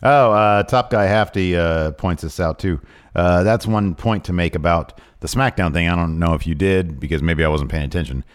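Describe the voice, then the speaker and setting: A man's voice: low voice, normal speed. A man from the American South co-hosting a wrestling podcast in casual chat. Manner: reads previews in a hammy announcer voice. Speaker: podcast co-host.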